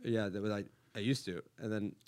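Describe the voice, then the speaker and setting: A man in his thirties from Los Angeles with an American accent, hosting a podcast with crude, animated storytelling and frequent laughter. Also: on the low side, a little fast. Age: 30s. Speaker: comedian podcast host. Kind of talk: casual podcast chat.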